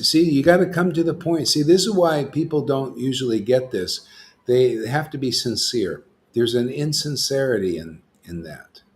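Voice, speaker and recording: A man's voice: medium pitch, slight background noise. A man hosting a casual spiritual discussion, rambling and often saying "see" and "you know.". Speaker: host.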